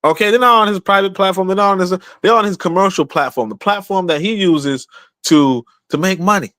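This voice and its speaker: High-voiced emphatic man talking casually. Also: a little fast, a bit bright, no room sound. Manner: emphatic, repetitive, conversational with rhetorical questions. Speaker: podcast host. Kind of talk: casual livestream talk.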